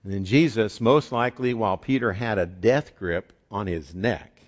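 A man from the eastern United States preaching a sermon as pastor, telling the story in a conversational, animated way. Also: lowish voice, moderate pace. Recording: dull lo-fi recording.

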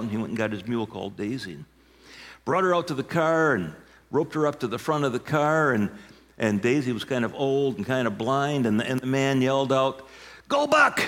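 Older male pastor preaching in a reverberant hall. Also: mid-range voice. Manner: storytelling with emphatic shouted punchlines. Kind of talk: sermon.

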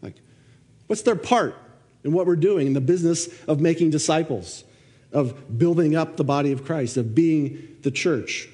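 A man's voice: on the high side, normal speed, warm tone. A man preaching a sermon, reading scripture aloud and then explaining it with questions. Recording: long reverb of a church hall.

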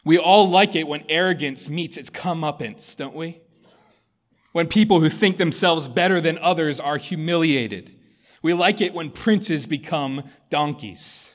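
A man, a pastor, giving a sermon and reading a story aloud with expressive delivery. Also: fairly high pitch, a little slow.

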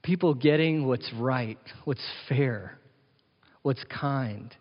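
A man's voice: medium pitch, slow pace. Pastor guy preaching, lots of questions and jokes, muffled lo-fi sound. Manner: emphatic, rhetorical questions; playful, jokey asides. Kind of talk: sermon. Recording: echoey hall, dull lo-fi sound.

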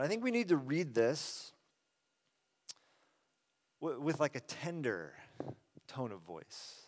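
A middle-aged man, a pastor, giving a conversational, earnest sermon that swells loud and drops soft. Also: fairly high pitch, very animated, measured pace, pauses often. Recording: long reverb of a large hall.

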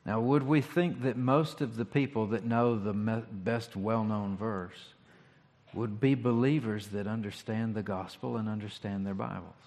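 A man's voice: lowish voice, fairly even intonation, a little slow, darkish tone. Man preaching in a reverberant church. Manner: conversational, reflective, with rhetorical questions. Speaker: pastor. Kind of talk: sermon. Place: church sanctuary. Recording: long hall reverb.

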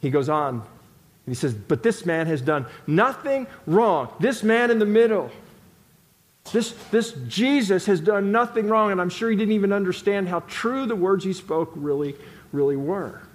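A man with a high voice preaching an emphatic sermon, pressing his points home by repeating them. He speaks in a church sanctuary, and a long hall reverb follows his words. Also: expressive, normal speed. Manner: emphatic, repeats phrases for stress. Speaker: pastor.

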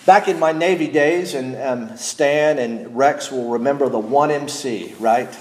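A middle-aged pastor with a mid-range voice preaches a sermon in an echoey room. He speaks deliberately and puts questions to his congregation.

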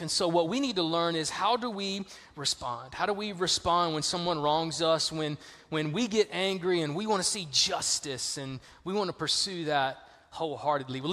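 Bright-voiced Southern pastor preaching. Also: male voice, fairly high pitch, big-room sound. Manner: storytelling, casual and lively. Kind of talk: sermon.

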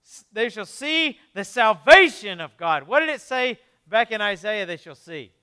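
A man preaching a sermon in a conversational way, with quick asides, moving between quiet, low passages and emphatic ones. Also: sing-song, clear, resonant tone. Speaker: pastor.

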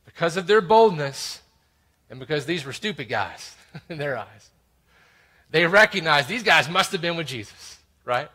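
A man preaching a sermon, swinging between loud exclamations and quiet, intimate asides. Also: fairly high pitch, lively intonation, moderate pace. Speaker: pastor.

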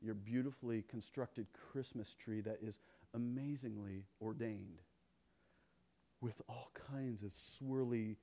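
A man preaching a sermon, quoting scripture and moving between loud, emphatic lines and quiet, hushed ones. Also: fairly low pitch, steady tone, takes it slowly. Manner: stumbles and restarts between quoted verses. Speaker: pastor.

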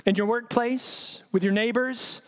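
A man's voice: very high voice, fairly even intonation, unhurried. A man preaching a sermon, reading scripture aloud with pointed sarcastic emphasis and pressing the listeners with rhetorical questions. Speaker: pastor.

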